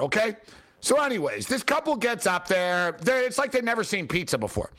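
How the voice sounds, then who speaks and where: A man hosting his own show, telling a rambling, exasperated story in a casual, animated way, full of fillers. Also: high voice, quick pace. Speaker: show host.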